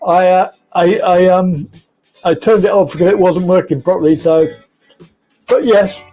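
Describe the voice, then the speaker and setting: A man's voice: sits high, fairly even intonation, unhurried, warm tone, soft background music, poor audio. A man hosting a casual live stream from home, being silly, giggling and greeting viewers by name.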